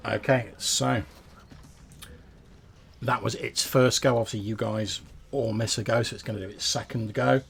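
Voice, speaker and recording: A man's voice: medium pitch, steady tone, moderate pace, vocal fry, pauses often, fairly bright tone, husky. A man narrating a tabletop game as game master, describing the action with small hesitations.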